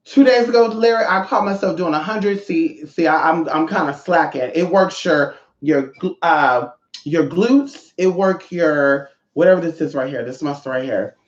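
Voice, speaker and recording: A man in his thirties chatting casually on a livestream, sassy and expressive. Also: moderate pace. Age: 30s. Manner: sassy, expressive, swings pitch a lot. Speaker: livestream host. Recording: roomy dull lo-fi sound.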